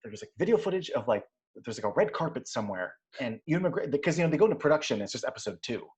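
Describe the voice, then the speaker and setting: A man co-hosting a casual movie discussion, animated and prone to side stories. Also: mid-range voice, racing. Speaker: podcast co-host.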